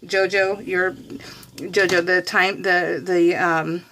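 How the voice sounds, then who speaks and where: A woman's voice: lowish voice, level tone, slow, fairly bright tone, a little hiss or hum. A woman vlogger telling a rambling, chatty story in a casual voice-over, often laughing and poking fun at herself. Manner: self-deprecating. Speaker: craft vlogger.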